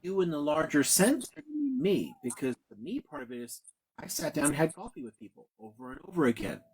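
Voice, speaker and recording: A man's voice: a little high, very animated, a little fast. A man hosting a casual live-stream discussion, talking bluntly and swearing freely. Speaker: host.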